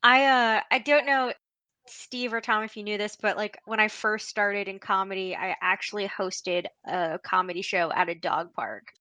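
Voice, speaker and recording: Bright, chatty comedian woman. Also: mid-range voice, steady tone, normal speed, no echo. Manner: upbeat, chatty, lots of "like". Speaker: comedian guest. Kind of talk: casual chat on a video call.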